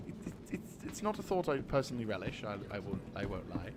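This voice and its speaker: This is a British man in his thirties chatting casually over his gameplay, rambling and swearing with a self-deprecating streak. His pitch is lively and moves around a lot. A clear bed of game audio sits under his voice. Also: fast, noisy background.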